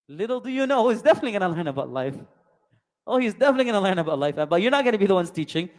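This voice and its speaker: A man's voice: high-pitched, sing-song, very fast. A man giving a religious lesson as a storyteller, asking many rhetorical questions and mixing in Arabic terms. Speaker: Islamic teacher. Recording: long hall reverb.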